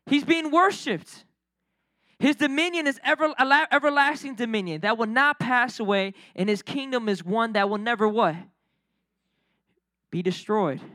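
A young adult man preaching a sermon in an energetic, conversational way, full of slang and quick asides. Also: very high-pitched, dry recording. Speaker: pastor.

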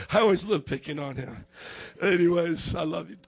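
A man preaching a lively sermon as pastor, acting out scenes with animated voices. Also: vocal fry, husky. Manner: animated preaching, acts out fans in high excited voices.

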